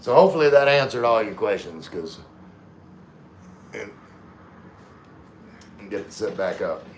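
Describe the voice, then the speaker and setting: A man from Louisiana, hosting a casual livestream and answering chat comments in a halting, laid-back way with many fillers. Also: fairly low pitch, expressive, a little hiss or hum. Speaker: livestream host. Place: room in the Philippines. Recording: echoey room, faint ambience.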